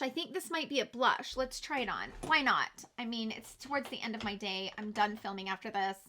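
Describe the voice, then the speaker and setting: A woman's voice: a little high, animated, moderate pace, hardly any pauses, pushed and bright. A young adult woman, a beauty vlogger, chatting through a makeup unboxing and gushing with gasps and exclamations. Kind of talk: excited unboxing chat.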